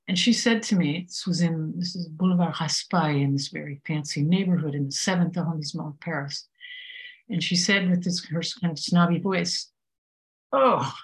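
A woman giving a reflective spiritual talk, unhurried and full of pauses and fillers. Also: fairly low pitch, poor audio. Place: Paris.

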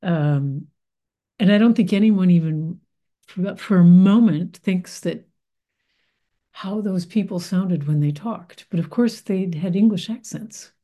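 A middle-aged American woman muses aloud in a reflective spiritual talk, circling back on her words with frequent fillers and restarts. Her voice sits on the lower side and has a mellow, warm tone. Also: a little slow. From United States. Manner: thoughtful, meandering, many fillers and restarts.

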